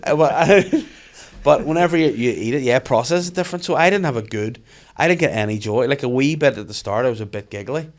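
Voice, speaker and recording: A man hosting a podcast, telling animated stories in casual chat and swearing freely. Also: mid-range voice, fairly quick. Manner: animated storytelling, frequent swearing. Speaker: podcast host.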